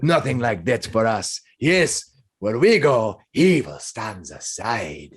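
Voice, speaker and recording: A man voicing a boisterous, hearty male adventurer who carries a pet hamster, speaking loudly in broken English. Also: big pitch swings, takes it slowly, breathy edge, heavily acted. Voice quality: loud, booming, broken-English put-on voice.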